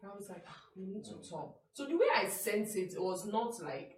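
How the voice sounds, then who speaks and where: A woman on a panel in a live chat show, telling stories in an animated way and often laughing. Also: mid-range voice, a little fast, reverberant, recorded from a distance.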